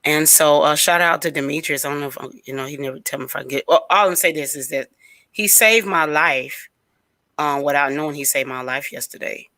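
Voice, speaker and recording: A woman on a radio talk show, telling a long story in casual chat, rambling and animated with plenty of fillers. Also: low-pitched, brisk, no echo.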